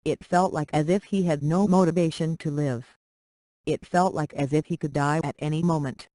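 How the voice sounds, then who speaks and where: A reader narrating a short romance story aloud in a plain, steady way. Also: medium pitch, moderate pace, dry recording, rough recording.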